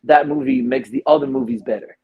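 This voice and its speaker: A man talking casually about films as a guest, excitable and animated when retelling scenes, with a husky voice. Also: a little fast, phone-quality sound. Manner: excitable, animated retelling with big pitch jumps. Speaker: guest, film reviewer. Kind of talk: casual chat.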